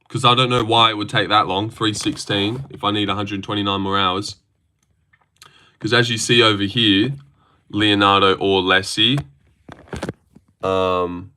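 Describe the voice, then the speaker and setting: A man's voice: fairly low pitch, sharp tone. A young man on a live stream, reading and answering chat with sarcastic, argumentative, swear-filled talk.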